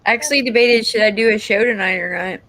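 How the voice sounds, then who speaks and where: A woman's voice: mid-range voice, fast, fairly bright tone. A woman with a congested voice from a sinus infection, hosting a casual group chat on a video call in a joking, self-mocking way. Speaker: show host.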